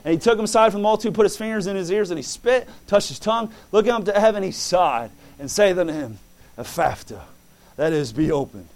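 A preacher man with a high voice delivers a fervent sermon. He reads scripture aloud and acts out quoted voices in dialogue. His delivery moves from hushed asides to ringing exclamations. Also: animated, fast talker. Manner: fervent, swings from soft asides to loud exclamations.

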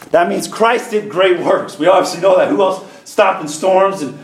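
A middle-aged man preaching a sermon, reading scripture and building to fervent shouts. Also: high-pitched, measured pace, echoey room, a little hiss or hum. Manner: reads scripture aloud and comments, rising to fervent shouts.

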